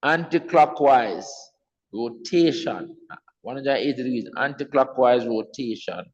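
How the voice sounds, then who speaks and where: A man's voice: medium pitch, expressive, measured pace, in a large hall, dull audio. A man teaching an exam revision math lesson, patiently repeating key points and checking in with his class.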